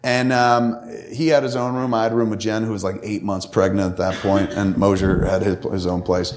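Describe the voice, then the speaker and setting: Profane, animated storytelling man. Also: on the low side, a little fast. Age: 50s. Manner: profane, animated, acts out quoted voices. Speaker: podcast co-host. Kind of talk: casual storytelling.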